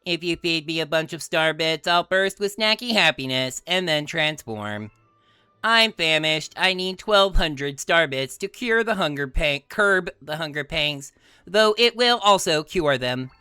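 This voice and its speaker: A man's voice: fairly high pitch, a little slow, clean tone, dry recording, soft background music. Man doing a hungry robot star creature. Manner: flat mechanical robot voice.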